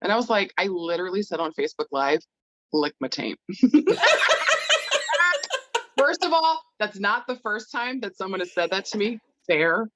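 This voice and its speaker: A woman with a deep voice, talking in a blunt, profane and animated way during a casual chat. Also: brisk, hardly any pauses. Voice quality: deep, low voice. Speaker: medium and guest.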